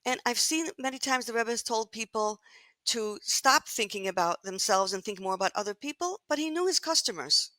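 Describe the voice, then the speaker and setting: Bright-voiced woman in her sixties telling stories. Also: on the high side, normal speed, dry recording. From United States. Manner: animated storyteller who acts out quoted voices. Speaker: guest, longtime magazine editor. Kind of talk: storytelling in an interview.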